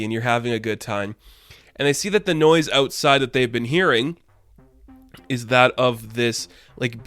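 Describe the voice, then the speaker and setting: A man's voice: mid-range voice, a bit bright, clean tone, no room sound, clean studio sound. A young man casually reviewing a TV episode, enthusiastic and rambling, with lots of filler words. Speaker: YouTube reviewer.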